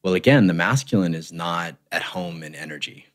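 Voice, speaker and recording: A man, a relationship coach, explaining in a measured way on a podcast and often checking in with "right?". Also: low voice, animated. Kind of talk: conversational podcast interview.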